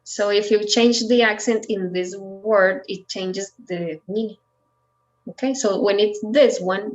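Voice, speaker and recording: A woman's voice: medium pitch, muffled recording. A woman who is a native Spanish speaker teaching an online Spanish lesson, explaining patiently with many fillers over a video call.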